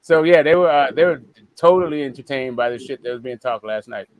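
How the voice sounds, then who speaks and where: A man's voice: mid-range voice, brisk, dry recording. A man co-hosting a casual boxing chat, rambling with many fillers and restarts. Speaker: podcast co-host.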